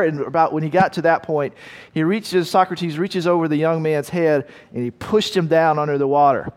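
A man's voice: fairly high pitch, moderate pace. A male pastor telling a story in a sermon, then praying earnestly. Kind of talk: sermon with prayer. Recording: long reverb in a big hall.

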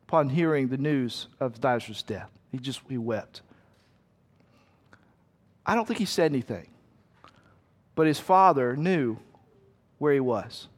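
A middle-aged man preaching a sermon in a conversational way, with lively asides to the congregation. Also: a little high, big-room sound. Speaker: pastor.

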